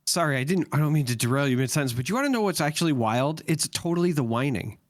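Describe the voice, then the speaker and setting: Lively, higher-voiced man in wry chat. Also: fast talker, dry recording, studio quality. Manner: wry, chatty, full of likes. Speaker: podcast co-host. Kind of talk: casual chat.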